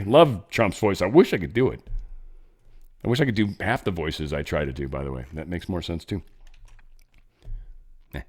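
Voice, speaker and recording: A man hosting a podcast, giving casual news commentary in a rambling, joking, self-interrupting way. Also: low-pitched. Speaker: podcast host.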